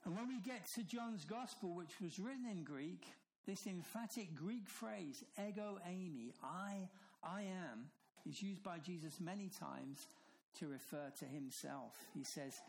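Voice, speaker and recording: A man preaching a sermon, emphatic, slowing down and dropping low on key phrases. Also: creaky, a little hiss or hum, poor audio.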